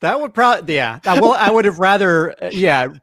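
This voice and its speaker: A man's voice: high-pitched, very animated, brisk, fairly bright tone, no room sound. A man who is a filmmaker guest on a casual review chat, joking and rambling with restarts.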